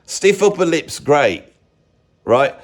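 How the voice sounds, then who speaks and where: A man's voice: fairly high pitch, sing-song, slow. Rambling, opinionated English man. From England. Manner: rambling, self-interrupting, opinionated. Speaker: music commentator. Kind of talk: casual rambling monologue.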